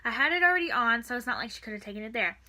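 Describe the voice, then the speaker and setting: A teenage girl telling a storytime in a casual, chatty vlog, full of "like" and "and stuff", with the odd soft aside. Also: fairly high pitch, lively intonation, racing. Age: teens. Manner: chatty, filler-heavy with frequent "like" and "and stuff". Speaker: vlogger.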